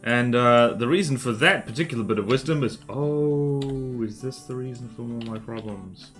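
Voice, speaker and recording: A man's voice: medium pitch, normal speed, fairly bright tone, soft background music. A man streaming while drawing, chatting casually, muttering to himself and joking with viewers. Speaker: art streamer.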